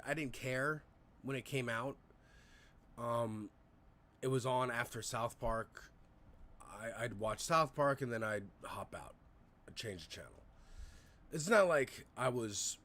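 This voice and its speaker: A man in his thirties hosts a casual livestream, wandering through long personal stories. He swears freely and fills his speech with "uh," "like" and false starts, in a voice of ordinary middle pitch. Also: fairly bright tone. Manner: rambling, profane storytelling with frequent fillers. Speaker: live streamer.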